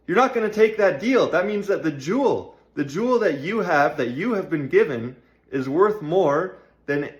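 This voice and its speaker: A man casually telling a moral story, conversational, with restarts and asides. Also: on the high side. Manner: conversational, with frequent restarts and "you know".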